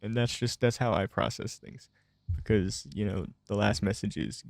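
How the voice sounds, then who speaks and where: A man's voice: fairly low pitch, normal speed, vocal fry, no room sound. A man playing a video game, chatting casually and reading in-game text messages aloud between his own reactions. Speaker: let's play gamer. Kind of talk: casual gameplay commentary.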